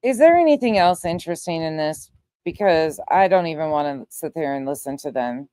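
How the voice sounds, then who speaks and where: A woman co-host chats in a dry, sarcastic way, with a lowish voice. The sound is close and dry. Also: animated, brisk, warm tone, smooth, no echo. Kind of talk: casual commentary chat.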